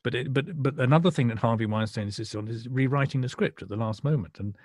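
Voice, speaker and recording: A man, a critic chatting casually with measured, wry remarks and some hesitation. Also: medium pitch, darkish tone, no echo, clean studio sound. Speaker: podcast co-host, critic.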